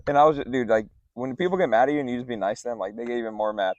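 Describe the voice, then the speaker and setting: A young man telling a story casually as podcast co-host, loose and animated, with lots of "like" and "dude". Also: mid-range voice, very fast, no room sound, lo-fi sound. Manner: animated, acts out other people's lines in raised voices; laid-back, says "like" and "dude" a lot.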